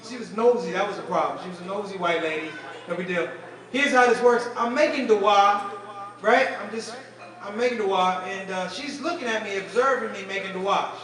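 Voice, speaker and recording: A man doing stand-up comedy at a fundraising dinner, telling animated stories and talking straight to the crowd. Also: sits high, normal speed. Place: banquet hall at a fundraising dinner. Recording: echoey hall, distant mic, crowd. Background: audience laughing and murmuring.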